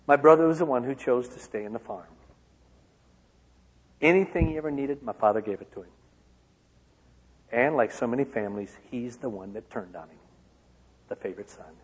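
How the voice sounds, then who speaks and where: A man from Michigan giving a personal testimony to an auditorium, swinging from loud outbursts to hushed lines. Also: medium pitch, normal speed, long pauses, husky. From Michigan, USA. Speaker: speaker. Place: large auditorium. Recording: long hall reverb.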